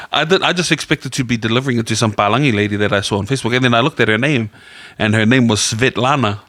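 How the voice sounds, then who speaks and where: A man's voice: mid-range voice, lively intonation, quick pace, few pauses, a bit bright, no room sound. Rambling New man telling stories. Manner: rambling anecdotal storyteller, quotes people in his own voice. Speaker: podcast co-host. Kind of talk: casual chat.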